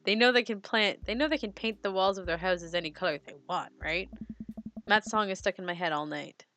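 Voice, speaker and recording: A woman's voice: medium pitch, a little fast, fairly bright tone, dry recording. A young woman streaming a dating game, reading its text aloud in a giggly way, often tripping over words and correcting herself. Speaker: gaming streamer.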